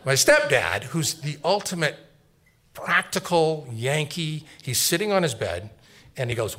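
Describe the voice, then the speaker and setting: A middle-aged man telling a personal story live on stage, animated and acting out the voices of family members. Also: fairly high pitch, normal speed.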